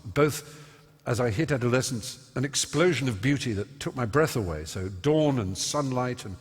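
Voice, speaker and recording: On a large concert hall stage, a man being interviewed tells stories eloquently and self-mockingly, using many fillers. His voice is medium-pitched with a breathy edge, and the hall gives the recording a long reverb.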